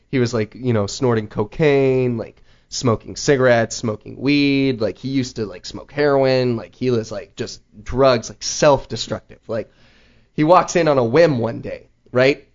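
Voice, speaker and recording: A man hosting a show, telling a story in casual chat, rambling with lots of "like" and an animated manner. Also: mid-range voice. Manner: rambling, heavy use of "like", animated retelling. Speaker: podcast host. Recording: slightly dull lo-fi audio.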